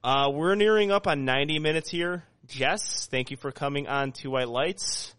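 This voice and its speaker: A man's voice: a little high, normal speed, fairly bright tone, clear, resonant tone, dry recording. A man with a nasal voice hosting a casual podcast chat, rambling and joking with many restarts. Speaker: podcast host.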